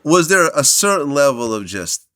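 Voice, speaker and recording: A man's voice: on the high side, sing-song, moderate pace, fairly bright tone. A man hosting an interview, recapping the guest's story and asking leading questions. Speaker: interviewer, host.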